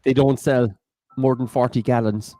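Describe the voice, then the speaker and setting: A man's voice: mid-range voice, moderate pace, no room sound, faint music behind. An Irish man co-hosting a charity quiz stream, joking and bantering casually. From Ireland. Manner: jokey, lively banter. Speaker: quiz host. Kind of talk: casual live-stream chat.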